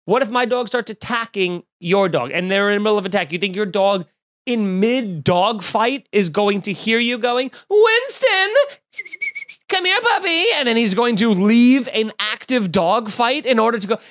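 A man's voice: sits high, moderate pace, a bit bright, dry recording, studio quality. A young man hosting a podcast, delivering a profane, exasperated comedic rant full of fillers and asides. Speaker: podcast host.

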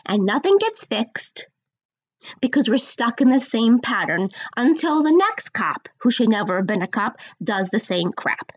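Sarcastic woman ranting at her computer mic, pitch jumps all over, dull dry sound. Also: big pitch swings, breathy edge, no echo. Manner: blunt, sarcastic, mocking; slows down to stress points. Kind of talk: opinion rant to camera.

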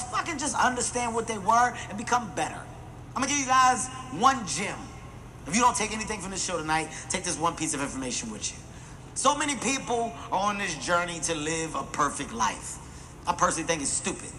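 A man doing animated, profane stand-up comedy storytelling and acting out the voices in his stories. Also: high-pitched, fairly quick, slight background noise.

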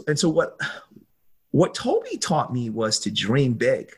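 Husky man telling a lively story. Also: mid-range voice. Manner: lively storyteller, acts out voices, laughs often. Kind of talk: animated storytelling.

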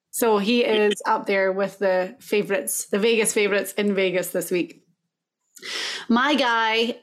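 A woman co-hosting a golf podcast in an easy, chatty way. She sounds upbeat and laughs often between her points. Her voice sits at a middle pitch for a woman. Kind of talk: casual sports betting chat.

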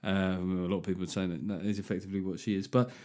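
A man's voice: sits low, flat delivery, very fast, a little mellow. A man in his forties hosting a comedy podcast, riffing casually with lots of swearing and self-mockery. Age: 40s.

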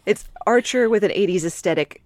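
A woman's voice: medium pitch, a little fast, noisy background. A woman co-hosting a casual movie recap podcast, with blunt, sarcastic put-downs. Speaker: podcast co-host.

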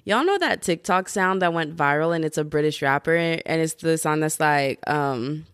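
A woman's voice: low-pitched, expressive, moderate pace, smooth, no echo, studio quality. A young woman hosting a podcast alone, chatting casually in slang, hyping up her listeners and giggling as she rambles. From United States. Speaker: podcast host. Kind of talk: casual solo podcast chat.

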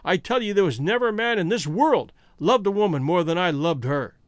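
A man voicing a bitter, desperate male American outlaw who talks loud and fierce. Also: high voice, lively intonation, fairly quick, no echo, studio quality. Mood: grieving defiant.

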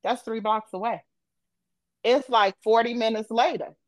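A woman's voice: a little high, measured pace, no room sound. A woman on a podcast, retelling an emotional personal story in vivid, casual speech. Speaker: podcast co-host.

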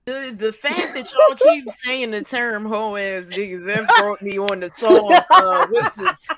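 A woman's voice: a little high, sing-song, measured pace, over a noisy crowd. A woman chatting playfully on a podcast. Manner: playful, laughing as she explains. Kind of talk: casual podcast chat.

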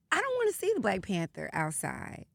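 Female radio co-host, lively swooping delivery, dry close studio sound. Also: medium pitch, creaky, slightly rough, no room sound. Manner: animated storyteller, laughs often. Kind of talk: casual on-air chat.

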